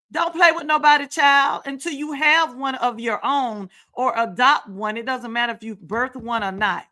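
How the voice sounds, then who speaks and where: She hosts her own show from a home setup, sharing her screen as she comments casually on reality TV. Her high, sharp voice moves at a moderate pace with few pauses, emphatic and repetitive, with sarcastic asides.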